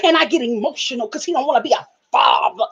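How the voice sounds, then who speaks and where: A woman voicing an emotional, defensive young single mother in a plaintive, drawn-out way. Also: high-pitched, a bit bright, breathy edge, muffled recording.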